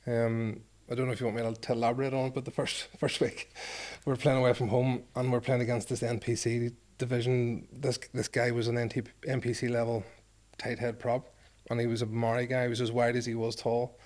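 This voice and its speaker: During an interview, a Northern Irish former rugby player in his forties works through a long anecdote, mocking himself and acting out the quoted exchanges. His voice is medium-pitched and a little mellow, brisk in pace with little pitch movement.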